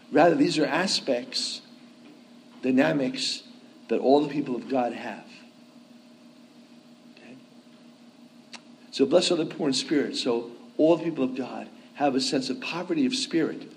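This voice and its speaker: A man's voice: medium pitch, slight background noise, poor audio. A man giving a conversational sermon, often asking his listeners "okay?" and "right?" to check that they follow him. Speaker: priest.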